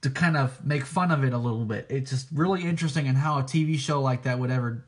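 A preacher giving an informal teaching, talking hesitantly with many restarts and frequent checks for agreement. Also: male voice, medium pitch, fast. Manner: hesitant, frequent restarts, keeps asking "okay?".

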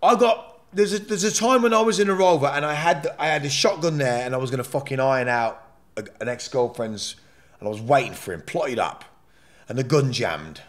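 A man telling his life story as a podcast guest, animated and profane, rambling with frequent restarts. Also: medium pitch, fairly quick. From England. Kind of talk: candid interview storytelling.

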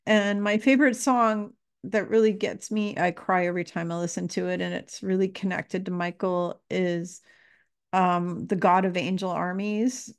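A woman giving an earnest, casual spiritual talk, repeating phrases and pausing with fillers as she grows emotional. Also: medium pitch, steady tone. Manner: earnest, emotional, pauses to collect herself. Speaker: spiritual teacher.

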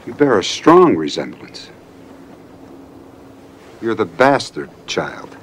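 An actor playing a cold, soft-spoken older lawman villain in a 1990s TV western, who is polite and threatening and speaks in slow, deliberate phrases. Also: big pitch swings, slight background noise. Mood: cold menace. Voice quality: deep, measured. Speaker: villain, a lawman holding a captive.

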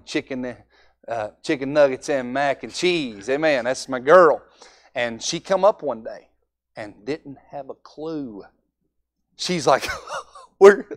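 A young man preaching a Sunday evening sermon in a folksy way, acting out altar conversations. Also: medium pitch.

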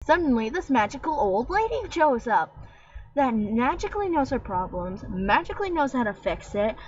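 A woman's voice: high-pitched, very animated, normal speed, darkish tone, slightly rough. A young woman ranting casually in a vlog, sarcastic and rambling, mocking what she describes. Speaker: vlogger. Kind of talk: casual rant. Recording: dull lo-fi webcam audio.

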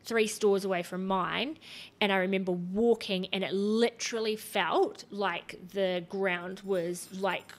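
Podcast guest, woman from New Zealand, thirties, mid pitch, lively storyteller who acts out quotes. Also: unhurried. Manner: animated storytelling, acting out what others said. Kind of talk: casual podcast chat.

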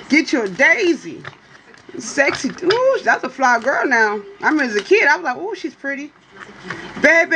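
Brief: high-pitched woman hosting a chatty livestream, playful and teasing, with a faint hum behind her. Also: fairly bright tone. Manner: playful, teasing, keeps asking "you hear me?"; drawling, swoops into high exclamations. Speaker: livestream host reading for viewers. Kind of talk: casual livestream chat with viewers.

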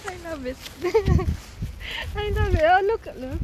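A woman vlogging live on her phone outdoors in the falling snow, talking casually with excitable, giggly energy. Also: very high-pitched, a little slow. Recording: outdoor noise.

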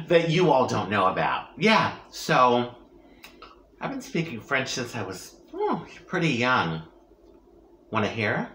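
A woman's voice: very deep voice, huge pitch swings, slow pace. A woman chatting playfully to her viewers while eating, cracking jokes and humming over each bite. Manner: playful, joking, savoring bites with long hums. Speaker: mukbang vlogger. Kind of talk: casual eating vlog chat. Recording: roomy echo.

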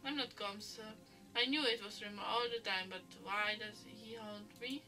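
A woman's voice: mid-range voice, fairly even intonation, moderate pace, sharp tone, recorded from a distance, faint music behind. A woman reading the lines of a frightened young girl from a game, earnest and pleading.

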